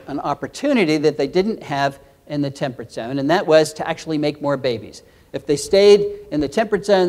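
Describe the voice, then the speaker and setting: An older man gives a conference keynote in an earnest, explanatory tone. His voice sits a little high for a man. He often restarts his phrases as he works through each point. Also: darkish tone. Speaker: keynote speaker, entomology professor.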